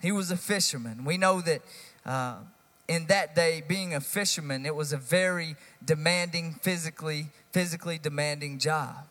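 A male pastor giving a sermon, casual and animated, stressing lines and talking straight to the congregation. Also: a little high, normal speed, big-room sound. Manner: animated, conversational preaching with rising emphasis.

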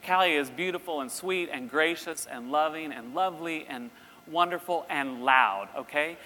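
Animated man telling a story in a hall. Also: on the high side, normal speed, a little hiss or hum. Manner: animated, acts out voices in his story. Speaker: university president giving a talk. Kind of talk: storytelling sermon. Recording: long reverb in a hall, faint ambience.

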